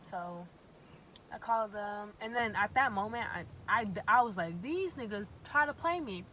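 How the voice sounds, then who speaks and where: Bright-voiced young woman telling a story. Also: fairly high pitch, normal speed, a little hiss or hum, rough recording. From Massachusetts. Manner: animated, profane, exasperated storytelling. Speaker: vlogger. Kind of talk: storytime vlog.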